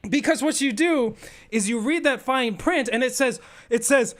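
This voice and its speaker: High-voiced man telling a rambling story. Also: normal speed, fairly bright tone. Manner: rambling, profane, sarcastic. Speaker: game streamer. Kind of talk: casual storytelling while gaming.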